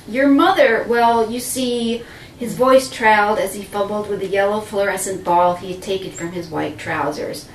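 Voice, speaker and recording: A woman telling a dramatic first-person story, theatrical and swinging between breathless and hushed. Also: medium pitch, slight background noise. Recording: roomy, distant mic with faint ambience.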